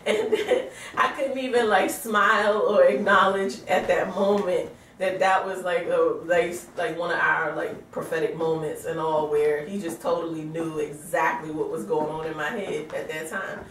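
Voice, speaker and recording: A woman's voice: fairly low pitch, fairly even intonation, a little slow, a bit bright, distant mic. A tired, pregnant woman in her thirties tells a home story in casual vlog style, acting out the quotes and breaking into laughs. Her voice comes from a little way off the mic. The room around her is roomy, with a faint hum of ambience underneath. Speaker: vlogger. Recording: roomy sound from away from the mic.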